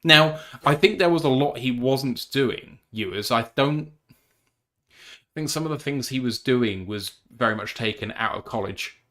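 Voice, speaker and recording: A man's voice: medium pitch, lively intonation, measured pace, a bit bright. British man hosting a live sports chat. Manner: emphatic, opinionated, swears. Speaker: podcast host. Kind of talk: casual live-stream chat.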